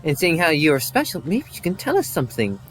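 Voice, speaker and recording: A man voicing a small, fluffy forest creature in a high, bouncy, sing-song voice. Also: wildly swooping pitch, fast, faint music behind. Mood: chirpy.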